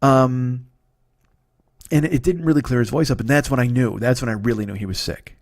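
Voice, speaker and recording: Man podcasting while sick, slightly hoarse, sniffling, profane rambling monologue, dry close sound. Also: medium pitch, steady tone, moderate pace, a little mellow, no room sound. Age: 40s. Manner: rambling, profane, self-mocking. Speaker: podcast host. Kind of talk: casual comedic monologue.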